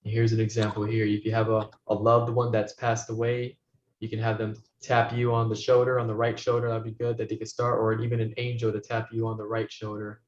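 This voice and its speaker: Soft-spoken man guiding a meditation. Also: on the low side, completely flat delivery. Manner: soft-spoken, slow, repetitive guidance, often dropping to a hush. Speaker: spiritual teacher. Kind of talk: guided meditation teaching. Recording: roomy, dull recording with faint noise.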